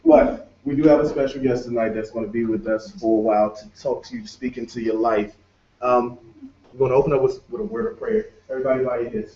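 A male pastor leads prayer and rallies a youth crowd, his voice carrying from away from the mic. The conference room rings with echo, and the sound is dull. His pitch sits in a middle range. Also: fairly even intonation, fast talker, warm tone, distant mic. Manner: rallying, calls out to the crowd. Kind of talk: leading prayer and introducing a speaker. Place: conference room used as a sanctuary.

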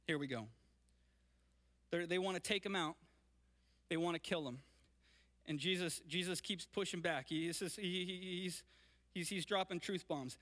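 A male pastor preaching a sermon and reading scripture, energetic and often checking in with his listeners. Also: high voice, moderate pace, long pauses. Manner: energetic, keeps checking in with "right?". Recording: long reverb of a large hall.

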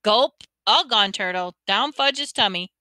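A woman's voice: medium pitch, lively intonation, measured pace, bright, forceful tone, no room sound, clean studio sound. A woman reading aloud and voicing a giddy babbling toddler boy in a storybook. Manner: babbling baby talk.

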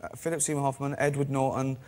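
A man chatting as a talk show guest. He tells self-mocking stories and drops into quick voices for the people in them. His pitch sits in the middle for a man. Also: little pitch movement, darkish tone. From England. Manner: self-deprecating anecdotal storyteller, acts out voices. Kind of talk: chat show interview.

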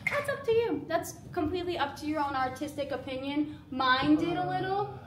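A woman's voice: high-pitched, animated, normal speed, noisy background. A woman leading a painting class, giving patient, encouraging step-by-step instructions in an indoor event room. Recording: echoey room, from far off, music.

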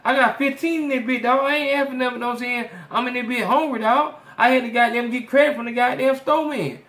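A man's voice: steady tone, quick pace, bright, forceful tone, reverberant. A man doing an indignant jailed man. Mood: indignant pleading. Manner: strained high voice, profane street slang.

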